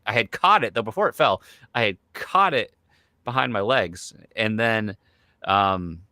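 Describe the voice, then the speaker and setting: A man's voice: medium pitch, sharp tone, no room sound, studio quality. A man in his thirties hosting a podcast in casual chat, rambling and full of fillers like "like" and "you know". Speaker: podcast host.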